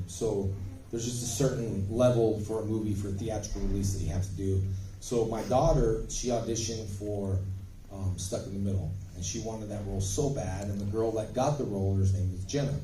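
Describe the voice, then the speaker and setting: A man with a dark, mellow voice tells stories with emphatic bursts of energy on a convention panel. He sounds fairly low and distant. The recording is a phone clip from the crowd in an echoey hall. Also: a little hiss or hum. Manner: animated, emphatic storytelling with bursts of volume. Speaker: panel guest, actor. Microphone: phone recording from the audience.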